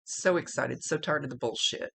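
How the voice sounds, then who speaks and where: A woman's voice: very deep voice, normal speed, vocal fry, fairly bright tone, breathy edge. A middle-aged woman giving a recorded psychic reading in a chatty, emotional, blunt way, swearing freely. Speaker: psychic medium.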